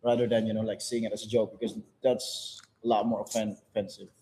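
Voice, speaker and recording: Low-voiced Filipino man, frank and impassioned. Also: level tone, quick pace, dark tone, breathy edge. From Philippines. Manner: frank, impassioned, repeats words. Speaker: music group member on a livestream. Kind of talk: casual chat.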